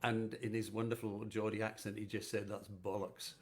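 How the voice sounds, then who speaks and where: A man's voice: lowish voice, monotone, fairly quick. A man hosting a conversation, telling anecdotes in an affable way. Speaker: host. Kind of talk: conversational interview.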